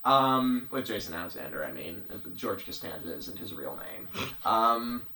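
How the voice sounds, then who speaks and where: Halting man with a bright voice, in a roomy space. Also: sits low, sing-song. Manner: halting, full of ums and likes, dry understatement. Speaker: podcast co-host. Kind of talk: casual storytelling chat. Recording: roomy echo.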